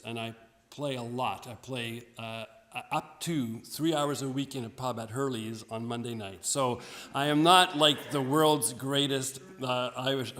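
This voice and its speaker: A man's voice: mid-range voice, a bit bright. Man lecturing in a reverberant hall. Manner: friendly, self-deprecating, with frequent restarts. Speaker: music lecturer. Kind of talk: informal music lecture with playing.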